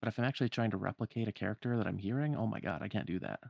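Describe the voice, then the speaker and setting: A man's voice: fairly low pitch, rapid-fire, vocal fry, no echo, clean studio sound. A man casually retelling a game's story for friends with wry, self-deprecating humor. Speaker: podcast host recapping a game.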